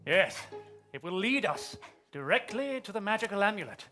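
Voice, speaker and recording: Man doing a pompous sea captain, very high, very bright, bossy, improvised comedy. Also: sing-song, normal speed, faint music behind, heavily acted. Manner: pompous, commanding. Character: pompous ship captain leading his crew.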